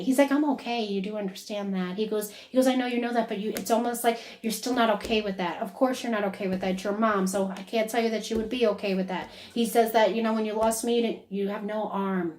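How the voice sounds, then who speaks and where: Woman, psychic medium, chatty, quick lively quoting, roomy echo. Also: medium pitch, slight background noise. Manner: chatty, relays quotes in lively bursts with frequent laughs. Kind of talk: conversational reading to a sitter. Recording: echoey room.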